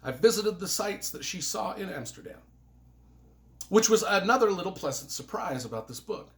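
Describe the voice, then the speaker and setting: A man's voice: high voice, expressive, moderate pace. A man giving a casual spoken book review, earnest and emotional, rambling with restarts. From United States.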